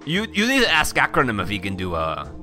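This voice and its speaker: A man running a casual tabletop game as game master, playful and quick with asides. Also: medium pitch, huge pitch swings, pushed and bright, faint music behind.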